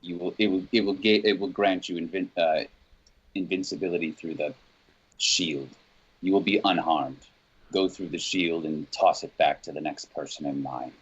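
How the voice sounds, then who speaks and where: A man speaking as his warrior character over an online call, giving urgent orders in a halting way as he searches for words. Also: low voice, fairly even intonation, breathy edge, dull audio.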